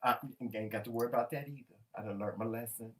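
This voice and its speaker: A man co-hosting a casual talk show, animated and colloquial, often laughing as he tells stories. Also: medium pitch, fast talker. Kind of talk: casual chat.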